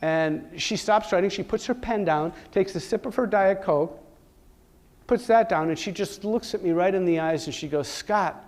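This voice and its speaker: Expressive male conference storyteller, higher voice. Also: normal speed. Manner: dramatic, joking storyteller who acts out conversations. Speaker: conference speaker. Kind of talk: personal storytelling talk. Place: conference stage.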